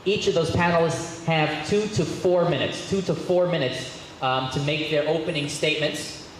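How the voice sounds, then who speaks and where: A man's voice: fairly high pitch, normal speed. A man, a rabbi serving as debate moderator, giving genial opening remarks in a synagogue and repeating phrases as he goes. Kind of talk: public address, opening remarks. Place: synagogue hall. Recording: very echoey hall with faint noise.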